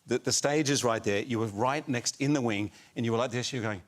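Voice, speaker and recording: A man, a talk show guest telling an animated backstage anecdote. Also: medium pitch, fairly quick. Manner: animated storyteller. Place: TV studio with audience. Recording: studio audience noise.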